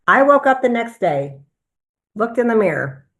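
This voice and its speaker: A woman physician giving an animated personal testimonial at a business presentation. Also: a little high, normal speed. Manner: animated storytelling, acts out quoted voices.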